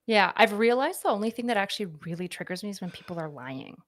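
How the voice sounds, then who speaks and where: A woman's voice: mid-range voice, animated, fast talker, a crowd in the background. A woman in her twenties talking candidly as a podcast guest, chatty and full of fillers. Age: 20s. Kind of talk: casual podcast conversation.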